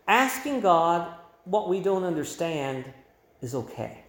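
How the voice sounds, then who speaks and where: A man's voice: fairly high pitch, sing-song, takes it slowly. A man preaching a sermon, explaining scripture in a conversational way and adding emphasis with quoted voices. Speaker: pastor. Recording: roomy echo.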